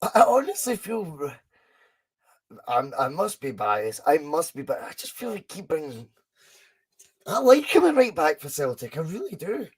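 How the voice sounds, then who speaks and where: A young Scottish man hosting a live fan watchalong, chatting casually, reacting excitedly to the match and answering viewers' comments. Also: on the high side, a little slow, slightly rough. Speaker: podcast host doing a live fan watchalong.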